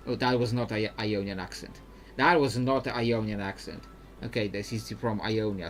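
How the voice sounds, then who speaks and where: A man chatting his way through a live game playthrough, rambling with lots of fillers and quick laughs. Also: on the low side, slight background noise. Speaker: gamer.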